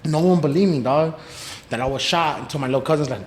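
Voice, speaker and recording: In an echoey room with faint noise, a man on a podcast as a guest races through a story at a very fast clip. His voice is a little high and expressive, and he curses and uses slang while imitating the voices of the people he quotes.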